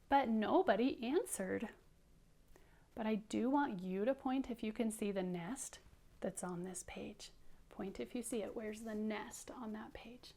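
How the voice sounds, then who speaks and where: A woman teacher reading a picture book aloud to young children, animated, dropping into hushed whispered asides. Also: a little high, unhurried, vocal fry.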